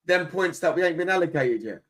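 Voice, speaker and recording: A man chatting easily on a podcast, telling a quick story. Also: fairly high pitch, lively intonation. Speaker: podcast co-host. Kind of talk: casual chat.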